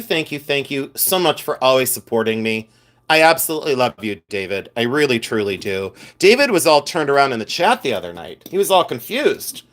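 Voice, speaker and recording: A man's voice: fairly high pitch, a bit bright. A man hosting a live stream, chatting casually and playfully with viewers, teasing and laughing often. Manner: chatty and effusive.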